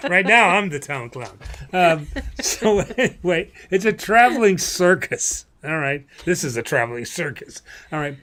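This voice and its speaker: Chatty man with a high voice. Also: animated, a little slow, fairly bright tone. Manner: chatty, laughs easily, many fillers and restarts. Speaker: priest hosting a Q&A livestream. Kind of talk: casual livestream teaching.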